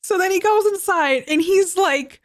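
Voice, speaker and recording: High-voiced woman recapping a film, laughing. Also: normal speed. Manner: animated, laughs often while retelling. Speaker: podcast host. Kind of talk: casual movie recap.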